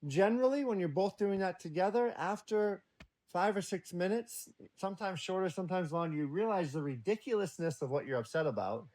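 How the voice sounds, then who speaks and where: A man's voice: high voice, a little fast. A man talking as a podcast guest in casual conversation, blunt and profane, telling stories with energy. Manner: blunt and profane, lively storytelling.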